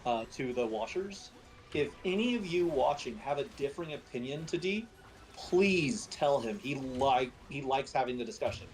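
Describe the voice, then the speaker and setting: A man's voice: mid-range voice, lively intonation, moderate pace, slight background noise. A man co-hosting a casual stream chat, speaking frankly and easily to the viewers. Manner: easygoing, frank, addresses viewers directly.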